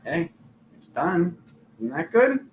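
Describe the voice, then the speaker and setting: Casting: male tarot host, fairly high voice, loose chatty delivery, echoey room. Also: sing-song, slow. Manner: chatty, filler-heavy, laughs at himself. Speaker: tarot reader and channel host. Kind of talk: casual live tarot reading. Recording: echoey room, faint background noise.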